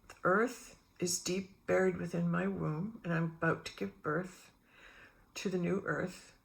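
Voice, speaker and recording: A middle-aged woman with a gravelly, fry-tinged voice sits low in her register as she rambles through spiritual musings. She drifts from one personal story to the next, acting out what others said along the way. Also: a little slow. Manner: meandering, animated re-enactments with quoted voices. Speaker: spiritual vlogger.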